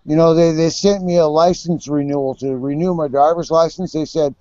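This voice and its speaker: A man's voice: on the high side, fairly even intonation, fairly quick, few pauses, warm tone, no room sound. Bitter, profane man in his fifties. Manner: bitter, profane, stammering repeats. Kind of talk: casual chat. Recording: dull lo-fi recording.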